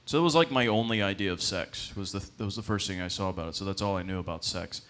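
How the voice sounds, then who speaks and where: This young comedian talks fast in a low, fairly bright voice during a loose stand-up set at a comedy club. Slight background noise sits under his rambling, self-deprecating delivery, full of fillers and his own laughter.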